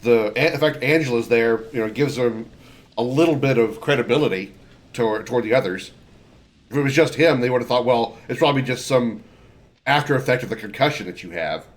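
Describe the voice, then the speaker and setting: A man's voice: mid-range voice, brisk. Chatty male game streamer. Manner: rambling, chatty, playful. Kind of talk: casual gameplay commentary.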